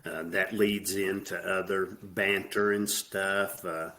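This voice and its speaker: Middle-aged man, Southern US accent, low-pitched, plainspoken drawl; interview guest. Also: little pitch movement, slow, bright, forceful tone. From American South. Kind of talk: casual interview.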